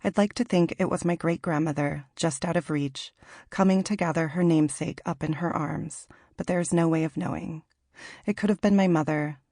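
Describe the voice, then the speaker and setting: A woman in her late thirties from Washington in the Pacific Northwest, reading her own memoir aloud in a measured, reflective way. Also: sits low, dark tone, dry recording, studio quality. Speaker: author narrating her memoir. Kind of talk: audiobook memoir narration.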